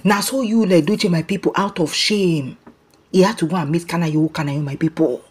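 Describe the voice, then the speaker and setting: A Nigerian woman giving animated celebrity gossip commentary in a mix of Pidgin and English, often calling out to her people. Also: fairly low pitch, moderate pace, husky. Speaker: gossip vlogger.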